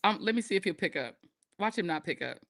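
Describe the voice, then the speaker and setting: Bright-voiced woman hosting a casual livestream. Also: mid-range voice, fast talker, no room sound, clean studio sound. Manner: laughs often, animated and playful. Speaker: co-host.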